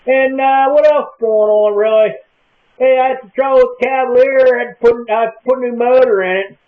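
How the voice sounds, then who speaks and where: A man with a high, thin voice rambles through a casual monologue in a folksy, unhurried small-town manner. The sound is tinny and narrow, as if heard over a phone line. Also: fairly even intonation. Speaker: comic vlogger in character.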